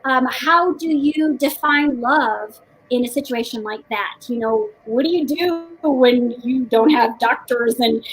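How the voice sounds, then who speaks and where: Rambling high-voiced woman on a video call. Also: unhurried, husky, low-quality recording. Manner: rambling, laughs often, many restarts. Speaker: book chat co-host. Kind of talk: casual video chat. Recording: faint background noise.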